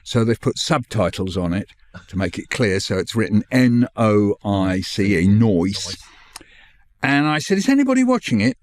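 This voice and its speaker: An older man, a guest on the show, telling a lively anecdote and acting out the voices of the people in it. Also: fairly low pitch, normal speed, no room sound. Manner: animated, acts out voices in his stories. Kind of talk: anecdotal storytelling.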